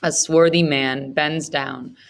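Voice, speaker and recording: A woman reading a novel aloud in the first person, in a measured, even storytelling manner. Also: sits low, vocal fry. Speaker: audiobook narrator.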